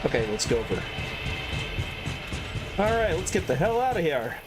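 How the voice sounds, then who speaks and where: A man's voice: a little high, sing-song, normal speed, over music. A man streaming a video game and chatting playfully with viewers as he plays. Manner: chatty, playful, sing-song asides. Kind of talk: casual gameplay commentary.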